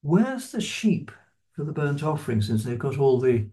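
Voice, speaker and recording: A man giving an unscripted lecture on a Bible passage, in a measured, explanatory way that stresses key words. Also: a little high, sing-song, mellow. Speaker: lecturer on scripture.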